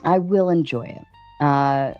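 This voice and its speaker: A woman with a deep, soft, husky voice talks on a live-stream panel, defiant as she answers viewers and reads out donations. The stream audio is dull and muffled, with faint music behind her. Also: takes it slowly. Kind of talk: casual live-stream talk.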